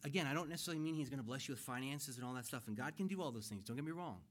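A man's voice: medium pitch, lively intonation, fast talker, few pauses, fairly bright tone. A middle-aged man preaching a sermon to his church, earnest and conversational, building emphasis as he explains scripture. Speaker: pastor. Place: church sanctuary.

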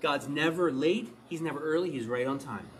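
Guy preaching a sermon, kinda high voice, lots of questions to the crowd, noisy recording. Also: moderate pace. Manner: animated, asks the listeners questions. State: out of breath.

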